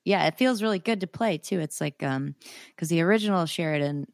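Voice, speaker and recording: Low-voiced woman, chatty guest. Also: brisk, dry recording, studio quality. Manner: chatty, enthusiastic, with laughs and fillers. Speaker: singer-songwriter guest. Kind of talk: casual interview chat.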